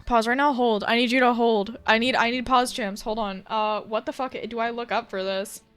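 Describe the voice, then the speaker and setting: A woman's voice: on the high side, fairly even intonation, normal speed, a bit bright, clear, resonant tone. A woman streamer chatting casually with viewers in a rambling, giggly way. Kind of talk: casual chat.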